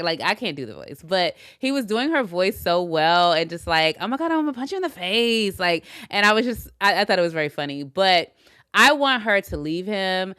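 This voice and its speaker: A woman co-hosting a casual chat, opinionated and animated, laughing often and restarting her sentences when she is unsure. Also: fairly low pitch, smooth, no room sound, clean studio sound. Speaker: podcast co-host.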